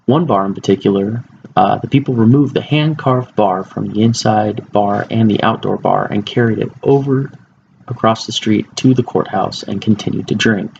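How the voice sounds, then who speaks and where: A young man delivers an informative class speech in a relaxed, informal way, stumbling over words now and then. His voice sits low with a gravelly fry. The recording is slightly dull, with faint hiss behind him. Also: normal speed. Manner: informal, with fillers and restarts. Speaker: student speaker.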